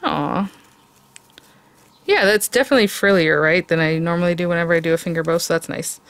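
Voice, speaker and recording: A woman's voice: lowish voice, brisk, dry recording. A middle-aged woman hosting a casual crafting tutorial, chatting, thinking aloud and laughing often as she works. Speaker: craft video host.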